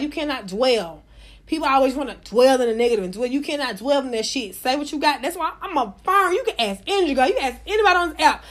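A young woman hosts a live audio room, fussing and cussing at her listeners in a loud, animated way. Her voice sits high, and she pushes it up even further when she gets worked up. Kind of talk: casual live-stream chat.

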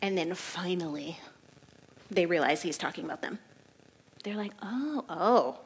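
A woman giving a casual Bible study, chatty and animated, often laughing and saying "like". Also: on the low side, normal speed, slightly rough. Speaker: Bible teacher.

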